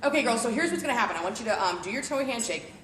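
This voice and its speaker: A bubbly woman runs a live product demo for a group at a home party, chatty and playful. Her fairly high voice swings widely in pitch. The recording sounds roomy, with a faint murmur of guests behind her. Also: animated, racing, fairly bright tone, a little hiss or hum. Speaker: party sales consultant. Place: living room at a home party.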